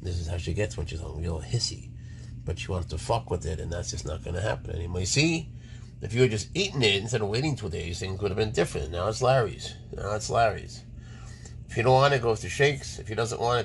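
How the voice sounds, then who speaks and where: Gravelly man chatting to his pets. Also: on the low side, animated, fast, slight background noise. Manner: coaxing, chatty, with muttered swearing asides. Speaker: exotic pet keeper. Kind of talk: casual chat to his pets.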